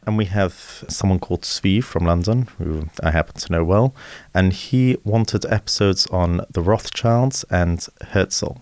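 A man's voice: low voice, a little slow, no room sound. A man hosting a podcast, reading listener questions in a plain conversational way. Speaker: podcast host.

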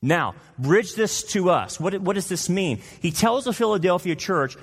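A man preaching in a church, pressing his points with rhetorical questions and wry jabs. His voice sits a little high for a man and carries a long reverb that rings through the hall. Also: expressive, moderate pace, husky. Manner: emphatic, rhetorical questions, mocking quoted voices. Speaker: pastor. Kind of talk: sermon.

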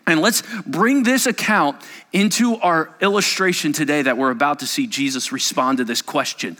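A man preaching a sermon as a pastor, animated and joking, with heavy emphasis. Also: fairly high pitch, fairly quick, in a large hall.

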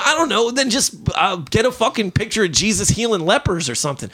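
A man's voice: high-pitched, quick pace, slight background noise. A man hosting a podcast, ranting in casual chat with lots of swearing and sudden outbursts. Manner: animated profane ranting. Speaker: podcast host.

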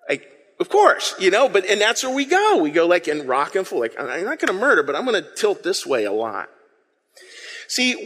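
A man delivers a sermon, his voice sitting a little high and swinging widely in pitch. He talks casually to the congregation and acts out the lines he quotes. The sound carries a long hall reverb. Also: fairly bright tone. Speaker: pastor.

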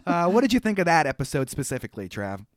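A man co-hosting a podcast, recapping a cartoon in animated, rambling casual chat with lots of fillers. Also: fairly high pitch, quick pace, no echo, studio quality. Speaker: podcast co-host.

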